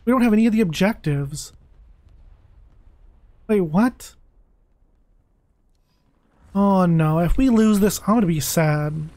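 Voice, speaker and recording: A young man streaming a video game, talking casually and excitably, pleading with the game and groaning dramatically over a loss. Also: high-pitched, slow pace, long pauses, no echo. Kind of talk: casual live-stream commentary.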